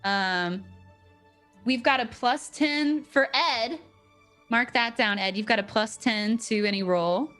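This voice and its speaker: A woman's voice: fairly high pitch, slow, fairly bright tone, soft background music. Chatty woman game master. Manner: chatty, filler-heavy. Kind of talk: narrating a tabletop game on stream.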